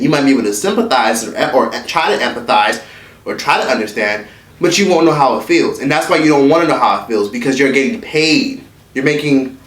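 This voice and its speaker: A man's voice: mid-range voice, fairly bright tone, recorded from a distance. A man giving a blunt, profane, heated commentary rant for his vlog. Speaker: online commentator. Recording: echoey room, away from the mic.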